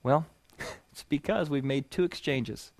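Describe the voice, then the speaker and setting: Animated man teaching in a sermon, dry sound. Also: a little high, measured pace, no echo. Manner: animated storyteller, rising to loud punchlines. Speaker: preacher teaching a series. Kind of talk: sermon-style teaching session.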